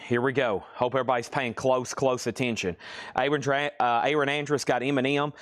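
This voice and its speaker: A man hosting a live-stream vinyl sale, calling bids in quick auctioneer patter and cracking jokes between items. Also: mid-range voice, fairly even intonation, a bit bright. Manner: rapid auctioneer chanting, joking asides. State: sweaty and restless, pacing.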